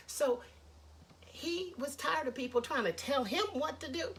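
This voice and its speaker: A woman telling a children's story with lively, chatty asides to her listeners. Her voice sits high and she narrates with animated energy. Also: normal speed.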